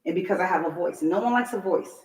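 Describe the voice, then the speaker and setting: This talk show guest, a middle-aged woman from New York, talks fast in a lowish voice while emphatically acting out what others said. The recording is low quality and sounds roomy.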